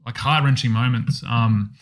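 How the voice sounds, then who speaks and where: A man's voice: mid-range voice, fairly even intonation, normal speed. A man co-hosting a podcast, chatting casually about films, rambling with many fillers. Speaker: podcast co-host. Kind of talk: casual film review chat.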